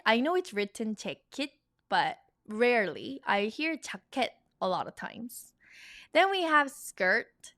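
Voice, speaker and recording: A woman's voice: on the high side, big pitch swings, a bit bright, no echo. Chatty woman teaching vocab, upbeat, says words over and over, dry sound. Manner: bubbly, chatty, repeats words slowly for learners. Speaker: Korean language teacher. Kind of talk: online language lesson.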